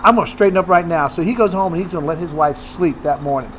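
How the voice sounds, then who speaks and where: A man's voice: on the high side, fast, a little hiss or hum, low-quality recording. A man hosting a radio show, telling long jokes with relish in casual banter. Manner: tells long jokes with relish, acting out lines.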